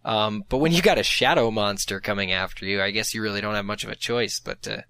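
A man's voice: fairly low pitch, fast talker, creaky, pushed and bright, smooth, dry recording. A man in casual podcast chat, thinking aloud and restarting his sentences as he goes. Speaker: podcast co-host.

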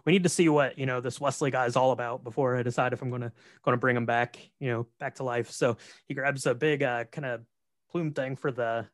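A man co-hosting a casual podcast, retelling a film's plot with relaxed, rambling speech full of fillers. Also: medium pitch, brisk, no room sound, clean studio sound. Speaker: podcast co-host. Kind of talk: casual movie recap chat.

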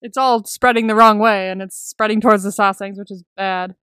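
A young woman co-hosting a podcast, chatting casually about a TV episode, reacting quickly, laughing often and swearing. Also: medium pitch, steady tone, a bit bright, smooth, no room sound, clean studio sound. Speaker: podcast co-host. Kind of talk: casual recap chat.

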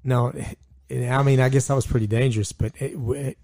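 A man joins a relaxed conversation, reacting with eager interest and asking questions. He talks fast in a warm, mellow voice, and the sound is dry and close. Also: mid-range voice, no echo. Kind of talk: casual chat.

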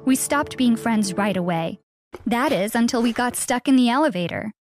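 A young woman narrating a scripted first-person story in an earnest, steady way. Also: a little high, normal speed, soft background music.

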